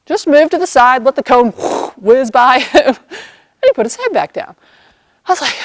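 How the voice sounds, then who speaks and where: Animated woman telling a story outdoors. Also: sits high, normal speed, no room sound. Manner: animated storyteller, acts out the people in her story. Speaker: equine therapy practitioner. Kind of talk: storytelling vlog. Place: outdoors by horses.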